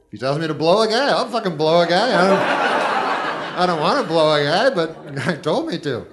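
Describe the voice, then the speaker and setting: A man doing stand-up comedy on a club stage into a handheld mic, deadpan and rambling with folksy asides, as the audience laughs. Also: a little high, brisk, over a noisy crowd, heavy background noise.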